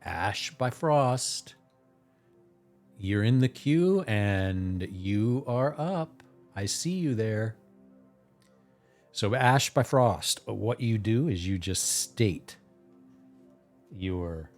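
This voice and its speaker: Soft music plays behind a man whose voice sits on the low side, speaking very slowly with long pauses. He's a tarot reader hosting a live stream, casually chatting, storytelling and chuckling in a relaxed, animated manner.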